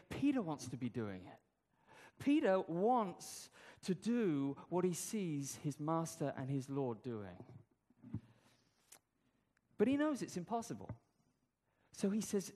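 A man's voice: sits high, darkish tone, big-room sound. A man preaching a sermon, telling the story conversationally with rhetorical questions.

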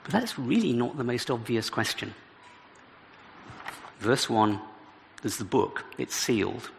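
A man's voice: medium pitch, sing-song, a little slow, creaky. A man preaching an expository sermon, reading scripture aloud and adding dramatic emphasis as he explains it. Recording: reverberant hall with faint background noise.

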